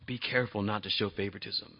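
A man's voice: lowish voice, steady tone, fast talker, husky, lo-fi sound. A male pastor preaching a sermon in a conversational way, often asking the congregation questions.

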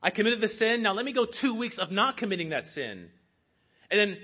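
A man's voice: high-pitched, very animated, brisk, pushed and bright, husky. A man preaching a sermon in an earnest, rhetorical way, calling his listeners saints.

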